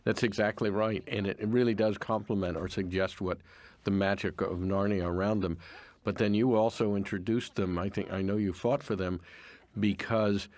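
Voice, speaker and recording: A man's voice: on the low side, fairly even intonation, moderate pace, a little mellow. A man, the film's producer, giving a reflective, appreciative audio commentary, often repeating a word as he finds his thought. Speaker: film producer.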